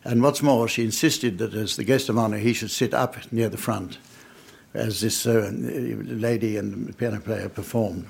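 Older raconteur, gravelly and a bit husky, dry wit, storytelling to a laughing audience. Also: male voice, lowish voice, steady tone, a little slow. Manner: dry, wry, understated delivery with audience laughter. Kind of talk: anecdotal storytelling talk.

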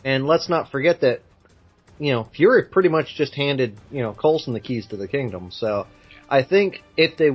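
A man's voice: mid-range voice, lively intonation, normal speed, breathy edge, soft background music. Opinionated man on a lo-fi podcast. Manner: opinionated, lots of "you know" fillers. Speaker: podcast co-host. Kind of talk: casual chat.

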